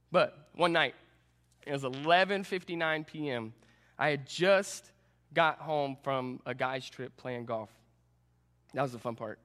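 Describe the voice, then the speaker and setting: A young adult man, a student pastor, preaching a sermon and telling a personal story with animated, self-deprecating humor. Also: a little high. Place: church sanctuary. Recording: long reverb in a church hall.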